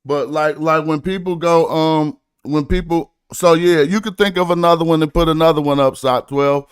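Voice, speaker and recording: Laid-back streamer man, smooth clear voice. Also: on the high side, fairly even intonation, normal speed, dry recording, studio quality. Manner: laid-back slang, breaks down rhymes syllable by syllable. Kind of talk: casual livestream chat about rap and study.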